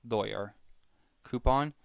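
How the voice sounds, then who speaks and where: A young man talks casually to the camera, stopping to correct himself as he goes. His voice is smooth and clear, at an ordinary pitch for a man, and the sound is dry and close. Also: slow, a little mellow, dry recording. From Pennsylvania, USA. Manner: chatty, self-correcting. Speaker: vlogger. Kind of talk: casual vlog word-list reading.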